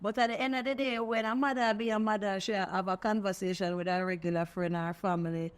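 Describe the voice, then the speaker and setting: A woman with a Jamaican accent, a guest in a casual panel chat, telling stories in quick, patois-laced talk. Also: medium pitch, steady tone.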